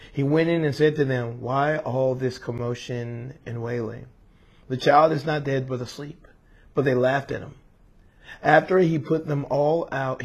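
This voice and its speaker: A man's voice: medium pitch, a little mellow. Earnest preacher, male, reads scripture, then talks to the congregation with questions. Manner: earnest, emotional, rhetorical questions to listeners. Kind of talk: scripture reading and sermon.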